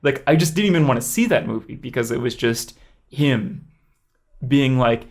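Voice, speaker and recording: Young man, podcast co-host, rambling, filler-heavy, mid-pitched voice. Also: moderate pace. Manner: rambling, lots of "kind of" and "like". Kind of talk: casual movie review chat.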